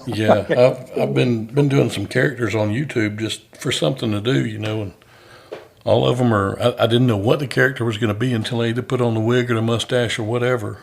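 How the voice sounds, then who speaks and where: Comedian guy hosting a chat, gravelly voice, easygoing jokey. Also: mid-range voice, steady tone, a little fast, a little hiss or hum. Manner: joking, easygoing. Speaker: stand-up comedian host. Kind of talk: casual chat.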